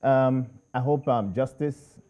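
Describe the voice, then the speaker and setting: A man's voice: mid-range voice, slow pace, highs cut off. A man co-hosting a casual panel chat, hesitant with many fillers but firm in his opinions. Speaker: co-host.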